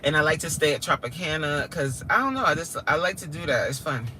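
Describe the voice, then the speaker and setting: A woman's voice: sits low, lively intonation, fairly quick, sharp tone, a little hiss or hum. A woman hosting a casual livestream from her car, chatting with viewers, exclaiming and reading their comments aloud. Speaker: livestream host.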